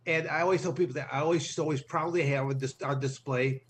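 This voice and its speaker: A man's voice: on the high side, steady tone, quick pace, a little hiss or hum. A man co-hosting a podcast, talking casually and repeating words as he gathers his thoughts. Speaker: podcast co-host. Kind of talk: casual chat.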